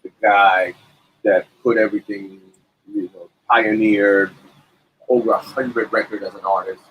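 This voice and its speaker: A man's voice: on the low side, unhurried, lo-fi sound, slight background noise. A middle-aged man, a musician, telling stories in a casual interview at a cafe and acting out the quotes of the people in them. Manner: animated anecdotes with acted-out quotes. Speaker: musician guest.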